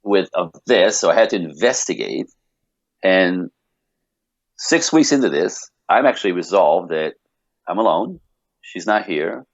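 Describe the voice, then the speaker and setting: Male podcast guest, low voice, chatty restart-heavy storyteller, dull lo-fi sound. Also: unhurried, pauses often, no echo. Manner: animated rambling storytelling with many restarts. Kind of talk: casual podcast conversation.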